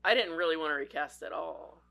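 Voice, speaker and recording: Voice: medium pitch, a little fast, gravelly, bright, forceful tone. A podcast co-host chatting casually about a movie, laughing often and trailing off with fillers.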